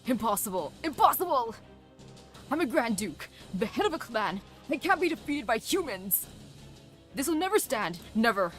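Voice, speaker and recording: A woman's voice: fairly high pitch, big pitch swings, normal speed, fairly bright tone, faint music behind. A woman voicing a proud, dying male wolf-clan grand duke from a game, indignant and commanding. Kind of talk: reading game dialogue aloud.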